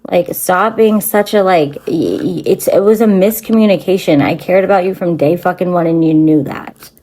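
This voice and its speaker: Speaking a little quickly in a lowish, mellow register, this woman runs a spiritual channel. Her talk is an off-the-cuff rant straight to camera, meandering and profane, full of fillers and false starts.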